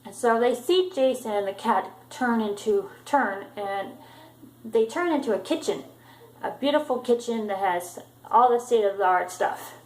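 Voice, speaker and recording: A woman's voice: a little high, unhurried, a little mellow, reverberant, low-quality recording. A woman casually retelling a book chapter in her own words, with frequent ums and restarts. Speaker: book vlogger.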